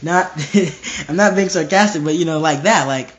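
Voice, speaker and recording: A man's voice: a little high, moderate pace, lo-fi sound. A young man preaching informally to a live stream, emphatic and repetitive, often restarting his phrases.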